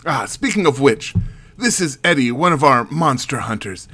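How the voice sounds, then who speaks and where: A man voicing a male university guide who shows visitors around in a measured, formal way. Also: mid-range voice, expressive, pushed and bright.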